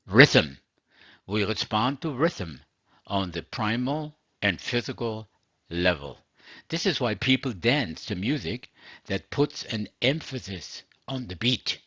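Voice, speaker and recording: Male preacher, husky low voice, dry dull recording, measured earnest sermon read. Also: animated, a bit bright, no echo. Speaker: religious teacher. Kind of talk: scripted sermon narration.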